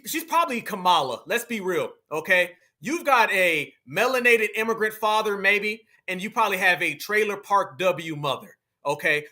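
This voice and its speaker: A man's voice: high-pitched, bright, forceful tone. A man reacting to video clips, talking bluntly and directly to his viewers in slang. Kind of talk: casual reaction commentary.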